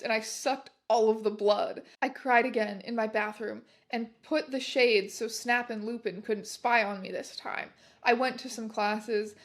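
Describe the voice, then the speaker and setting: A woman reads a piece of fan fiction aloud in a comic, deadpan style. Her voice sits high, and she breaks in now and then with mocking asides. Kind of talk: comic dramatic reading.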